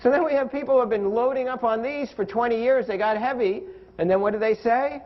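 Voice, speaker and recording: A man's voice: very high voice, fast, highs cut off. A man giving a live health lecture with props, playful and often quizzing his audience. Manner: playful, asks the audience questions. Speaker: physician assistant lecturer.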